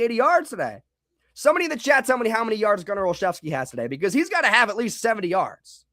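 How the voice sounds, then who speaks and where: A man's voice: high voice, a bit bright, no echo, studio quality. A young man hosting a casual live football reaction stream, rambling and reading chat comments aloud.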